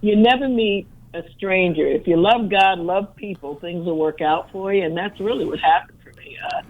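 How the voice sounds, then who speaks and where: A woman in her sixties from Massachusetts, with a light Massachusetts accent, telling stories in a lively, easy manner and laughing often during an interview. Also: on the low side, normal speed, phone-quality sound. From Brockton, Massachusetts. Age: 60s. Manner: upbeat, storytelling, laughs easily. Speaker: motivational speaker and former teacher. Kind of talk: casual interview answers.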